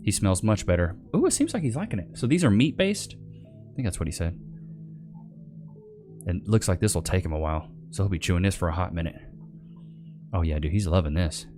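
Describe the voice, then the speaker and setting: A man hosting a casual commentary video, chatting in a relaxed, slangy way and talking to his dog between clips. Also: low-pitched, brisk, pauses often, faint music behind. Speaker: host reacting to clips.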